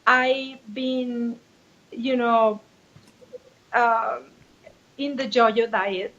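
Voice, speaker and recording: A woman's voice: fairly high pitch, drawn-out words, lo-fi sound. A woman in her forties from Mexico, a Spanish speaker, telling her story openly as a life coach guest. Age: 40s. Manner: open and expressive, many restarts. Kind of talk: candid personal storytelling.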